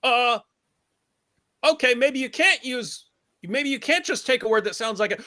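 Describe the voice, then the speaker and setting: A man with a very high-pitched voice speaks unhurriedly, leaving long pauses, his tone sharp. He co-hosts a debate review show, chatting casually and sarcastically while mocking the other side's arguments through exaggerated mimicry. Emphatic, he repeats phrases as he builds a point in this commentary.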